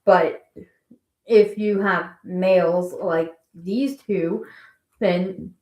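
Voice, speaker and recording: A woman's voice: on the low side, fairly even intonation, extremely slow, darkish tone. A woman hosting a casual live stream, chatting and rambling as she answers viewer questions. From Canada. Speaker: guinea pig channel host. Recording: echoey room.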